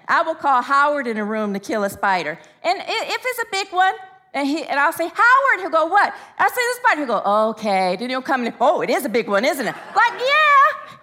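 A middle-aged woman minister preaches in a high voice, drifting into anecdotes and laughing at her own stories. Her tone is bright and forceful, and she jumps up in pitch when she acts out what others said. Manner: storytelling with frequent laughs and asides, rising excitedly for quotes. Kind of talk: sermon.

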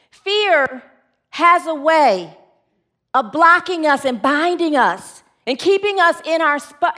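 High-voiced, chatty woman preacher. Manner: lively, chatty with the audience, laughs easily. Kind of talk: humorous sermon.

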